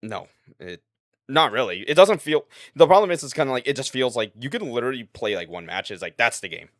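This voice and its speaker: A man co-hosting a podcast, talking in a halting, animated way and laughing easily. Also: mid-range voice, dry recording, clean studio sound. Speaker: podcast co-host. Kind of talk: casual chat.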